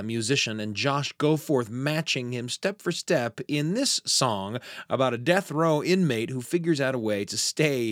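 A man's voice: medium pitch, no room sound, studio quality. A man hosting a storytelling program, introducing segments in a friendly, conversational manner. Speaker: radio show host.

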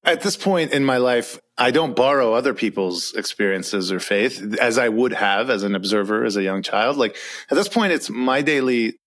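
A young adult man with an American accent, reflecting earnestly in an interview with an occasional soft laugh. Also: medium pitch, lively intonation, moderate pace. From Iran. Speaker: author and guest.

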